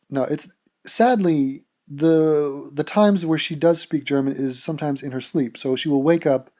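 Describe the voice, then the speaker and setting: A man answers viewer questions in a casual vlog, his talk blunt, crude and full of jokes. His voice sits a little high, with a mellow, soft-edged tone. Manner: blunt, profane and joking. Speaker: YouTube channel host answering viewer questions.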